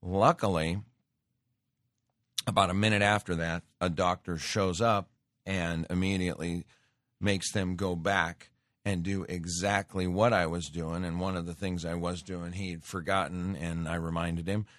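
A man with a deep, low voice talks through a loose, rambling studio monologue as a show host. He doubles back and restarts often. The sound is close and dry, with no room around it. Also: little pitch movement, measured pace, fairly bright tone, dry recording. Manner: rambling, conversational, with frequent restarts and filler. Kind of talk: casual radio monologue. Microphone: studio microphone.

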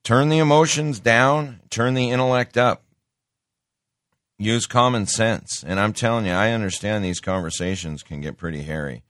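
Folksy low-voiced middle-aged man. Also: moderate pace, fairly bright tone, dry recording, studio quality. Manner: folksy, plainspoken, calls listeners folks; preachy, quotes scripture. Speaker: talk show host. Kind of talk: opinionated political commentary.

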